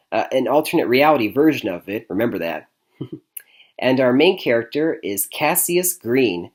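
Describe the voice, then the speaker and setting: A young man from Michigan talks through a movie review in a loose, chatty way. He stumbles, restarts and fills gaps with ums and uhs, and chuckles at his own jokes. His voice sits at an ordinary middle pitch. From Michigan, USA. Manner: chatty, rambling, frequent fillers and restarts, chuckles often. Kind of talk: casual spoken movie review.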